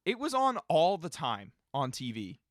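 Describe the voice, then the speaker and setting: A young man co-hosting a casual film review, joking and rambling with quick restarts. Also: on the high side, huge pitch swings, no room sound, clean studio sound. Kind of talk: casual riffing commentary.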